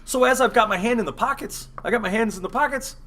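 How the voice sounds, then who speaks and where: A man's voice: extremely high pitch, fast talker, bright, forceful tone, a little hiss or hum. A man hosting a radio show, telling a rambling, profane story in casual chat. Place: studio.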